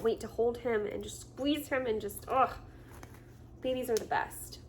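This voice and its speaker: A woman vlogger chatting casually at home as she unboxes gifts, gushing and excited, laughing often and filling her talk with chatty asides. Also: on the high side, normal speed, slight background noise. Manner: chatty with frequent fillers.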